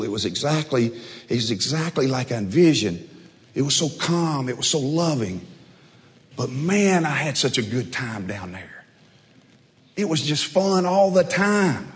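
A man doing a torn, tempted man, speaking with a long echo trailing in a large hall. The voice stays close to the speaker's own, wavering between calm and excitement. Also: fairly high pitch, voice pushed up.

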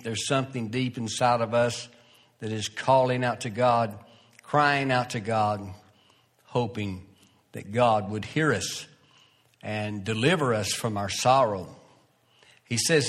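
Slow, earnest preaching man. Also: mid-range voice. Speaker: pastor. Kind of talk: sermon.

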